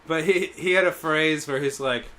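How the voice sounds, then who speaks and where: A man streaming a game and chatting casually, telling a story with animated retellings, putting on other people's voices, and laughing often. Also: on the high side, moderate pace. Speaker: teacher at a camp in Japan. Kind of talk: casual chat while gaming.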